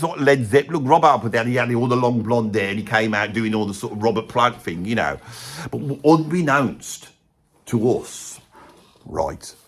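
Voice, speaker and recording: A man's voice: mid-range voice, a bit bright, natural voice. A man playing a rambling, gossipy middle-aged Birmingham bloke and ex-roadie, with a Birmingham accent, swearing mildly and wandering off topic. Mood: chatty boastful. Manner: rambling, peppered with "bloody", chummy asides. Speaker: comedy character ranking bands. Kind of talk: rambling comic monologue to camera.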